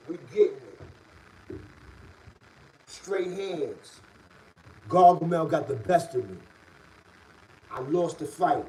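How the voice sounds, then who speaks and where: A middle-aged man from the Bronx with a New York City accent tells a story in a casual, streetwise way, his voice sitting a little high. He sounds a bit away from the mic, with faint ambient noise behind him. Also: animated, slow, pauses often, distant mic, poor audio. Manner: streetwise, repeats "you heard?" and "B", gets loud and high when worked up.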